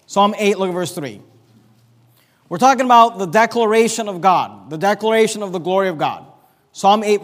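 A man with a notably high voice preaches from the pulpit, walking his listeners through scripture verse by verse. His words ring out with a long hall reverb in a church sanctuary. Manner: reads scripture aloud and explains it verse by verse. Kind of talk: expository Bible sermon.

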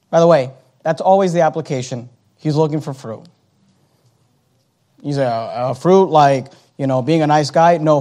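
A man with a rather high, slightly mellow voice preaches emphatically. He slows on key words, repeats phrases, and makes asides to the congregation.

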